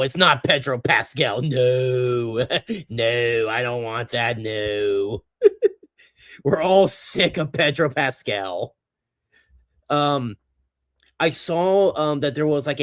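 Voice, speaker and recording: A man's voice: mid-range voice, no room sound, studio quality. A man hosting a casual livestream chat, rambling and hesitant, with lots of ums and restarts and some laughing at himself. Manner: rambling, hesitant, full of fillers. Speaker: host.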